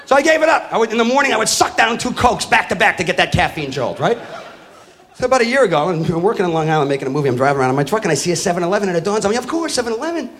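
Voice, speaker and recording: A middle-aged man doing a profane stand-up comedy routine on stage, ranting loudly and acting out the people in his stories. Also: high-pitched, lively intonation, racing. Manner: loud, ranting, profane, acts out characters. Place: comedy stage before a live audience. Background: crowd laughing.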